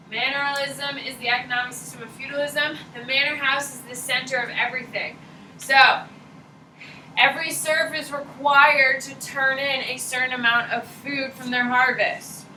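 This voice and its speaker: Woman history teacher, blunt and slangy, bright voice, quizzes the class, recorded from far back in an echoey classroom. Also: high voice, fairly even intonation, normal speed, a little hiss or hum. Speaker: high school history teacher. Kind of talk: classroom lecture.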